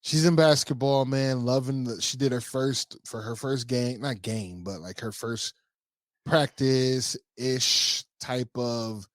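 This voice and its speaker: A man co-hosting a podcast in a casual chat, laid-back and quick to laugh. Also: medium pitch, no room sound, studio quality. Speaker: podcast co-host.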